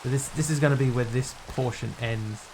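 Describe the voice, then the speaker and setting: A man hosting a live game stream, speaking at a middle pitch. He muses aloud as he builds and chats loosely with his viewers. A faint wash of noise sits behind his voice. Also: fairly quick. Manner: thinks aloud while building, answering viewers' chat.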